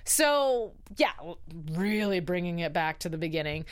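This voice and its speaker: A woman's voice: fairly low pitch, expressive, normal speed, smooth. A woman hosting a casual live recap of a TV episode, chatty and emphatic as she reacts openly to the story. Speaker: TV show recap host.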